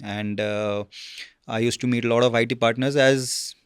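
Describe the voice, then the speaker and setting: A man, a guest telling his career story in a casual interview, halting with many fillers and "okay?" check-ins. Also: medium pitch, steady tone, clean tone, no echo, clean studio sound.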